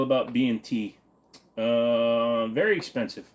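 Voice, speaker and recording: A man's voice: mid-range voice, normal speed, a little mellow. A young man from Virginia hosting a casual livestream, reading viewer comments and answering them bluntly and off the cuff, swearing now and then. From Virginia, USA. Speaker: livestream host.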